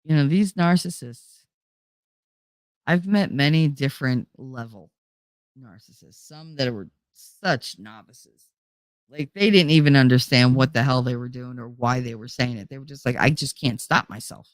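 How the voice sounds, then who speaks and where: A woman's voice: extremely low pitch, normal speed, smooth, dry recording. A woman hosting a casual live chat, talking bluntly with plenty of swearing, answering viewers and acting out the people she describes. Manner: blunt and profane, acts out quoted people. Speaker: livestream host.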